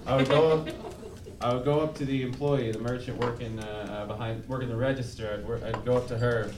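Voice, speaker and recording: A man's voice: medium pitch, steady tone, fairly quick. A man doing live stand-up comedy, telling a rambling, profane, self-mocking story to an audience. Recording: echoey room, from far off, loud noise. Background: audience laughter.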